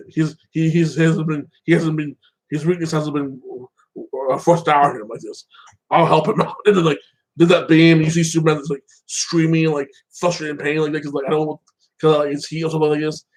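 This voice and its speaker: A man's voice: a little high, little pitch movement, fairly quick, low-quality recording. A man casually recapping and reviewing a show episode, rambling with lots of fillers and acting out the characters' lines.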